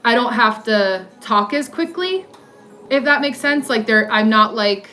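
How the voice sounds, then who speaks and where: A woman's voice: a little high, expressive, measured pace, sharp tone. A woman in her thirties with an alto voice, hosting a casual walk-and-talk livestream on her phone, rambling with lots of "like" fillers and replying to viewer comments. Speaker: livestream host.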